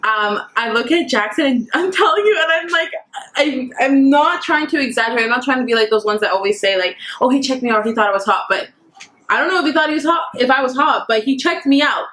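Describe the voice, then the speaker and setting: A young woman in casual vlog chat, telling a story in an excitable, giggly way. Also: high voice, fast talker. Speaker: vlogger.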